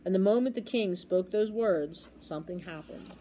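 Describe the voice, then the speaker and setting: A woman reading a children's storybook aloud with expressive, dramatic storytelling. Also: mid-range voice, normal speed, hardly any pauses. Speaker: storybook reader.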